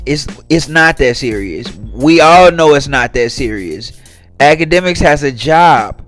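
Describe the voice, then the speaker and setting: A man's voice: mid-range voice, animated, a little slow, a bit bright. Aave guy doing a commentary vlog, talks right at the viewers, reads posts out and clowns them, light music under it. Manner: talks straight to viewers, reads tweets aloud and mocks them. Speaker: commentary channel host.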